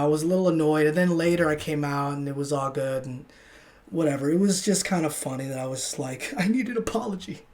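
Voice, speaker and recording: A man's voice: on the high side, darkish tone. Young man, solo podcast host, rambling, self-interrupting, casual swearing.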